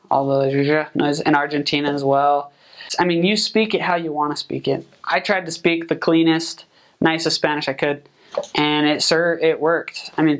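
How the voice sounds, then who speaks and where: A young man, a returned missionary, giving relaxed, chatty advice full of fillers. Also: on the high side. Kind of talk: casual advice talk.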